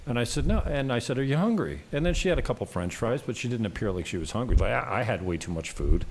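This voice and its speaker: A man's voice: mid-range voice, big pitch swings, fast, a little mellow, slight background noise. A Canadian man hosting a casual live-stream chat, telling rambling stories with swearing and laughter. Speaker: host.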